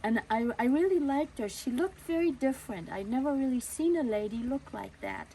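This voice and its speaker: A woman telling a story from her childhood in a gentle, conversational way, with small fillers and restarts. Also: sits high, animated, a little fast, a little hiss or hum, rough recording.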